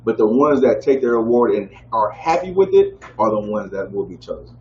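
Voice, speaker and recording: A man's voice: animated, normal speed. A man teaching a scripture lesson to a group in a preaching style, drawing call-and-response from the room. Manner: call-and-response, keeps asking "y'all with me?". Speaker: teacher leading a scripture class. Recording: roomy, dull low-fi audio with faint background noise.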